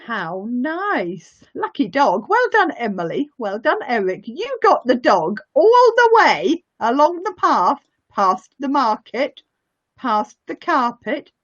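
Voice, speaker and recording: In muffled, lo-fi audio, a woman teaches young children phonics as their English teacher. Her high, fairly bright voice is slow and sing-song, full of encouragement and frequent praise.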